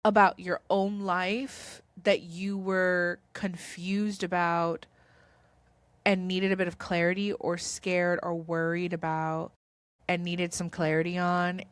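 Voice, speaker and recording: A woman's voice: fairly low pitch, fairly even intonation, a little slow, clean tone, dry recording. A woman vlogger talking to camera about spirituality in an earnest, reassuring, rambling way. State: tearful. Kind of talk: casual spiritual talk to camera.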